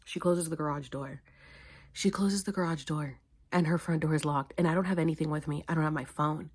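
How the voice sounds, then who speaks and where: A woman's voice: deep voice, fairly even intonation, a little mellow, breathy edge. A young woman vlogging casually to a phone camera, tired and weepy, rambling and speeding up as she tells a story. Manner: emotional, rambling, fast when telling a story. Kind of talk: casual vlog.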